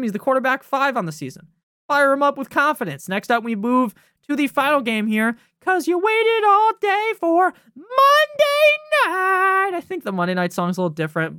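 A man's voice: sits high, a bit bright, clear, resonant tone, no echo, studio quality. A young man hosting a fantasy football podcast, ranting casually with lots of swearing and a habit of asking "right?". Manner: brash, swearing, fast-talking, often asks "right?". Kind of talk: profane casual sports rant.

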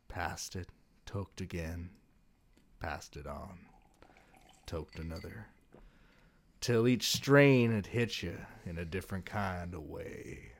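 A man voicing a mock cowboy commercial announcer, with a put-on twang, speaking slowly, low and hushed in a sensual tone. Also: heavily acted.

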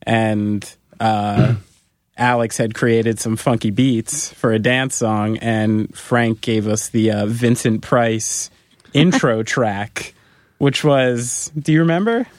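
A man's voice: mid-range voice, takes it slowly, dry recording, studio quality. Laid-back man telling a story. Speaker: guest co-host. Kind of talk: casual podcast chat.

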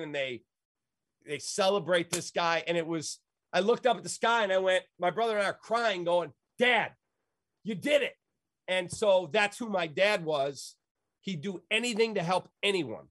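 A man's voice: high-pitched, moderate pace, fairly bright tone, no room sound, studio quality. A middle-aged man, a sports radio host, telling stories in an emphatic, rambling, folksy way. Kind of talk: animated storytelling in an interview.

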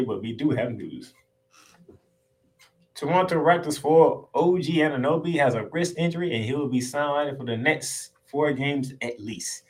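A man hosting his own sports podcast, recapping games in a solo monologue with an emphatic, excitable, casual slangy delivery and free swearing. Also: medium pitch, rough recording.

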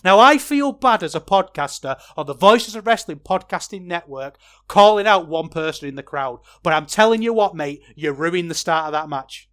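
A man hosting a podcast, giving a rambling, opinionated wrestling review that gets animated when he is worked up. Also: a little high, moderate pace, few pauses. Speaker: podcast host.

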